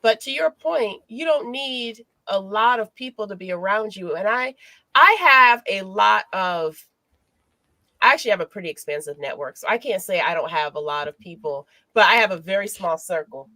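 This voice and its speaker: A woman hosting a podcast as a life coach, telling personal stories in an expressive, motivational way. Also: mid-range voice, normal speed, no echo. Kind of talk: casual podcast chat.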